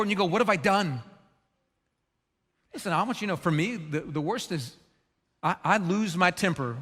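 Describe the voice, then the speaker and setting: A male pastor preaching a sermon, animated, at times dropping to a hushed voice. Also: high-pitched, in a large hall. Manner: animated preaching, drops to a hushed voice for quoted regrets. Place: church.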